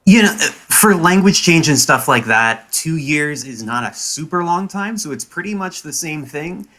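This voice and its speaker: Young male academic guest, laid-back explaining, bright forward tone. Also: on the high side. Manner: casual, many "like" fillers, explanatory. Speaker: linguistics professor. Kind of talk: interview answers.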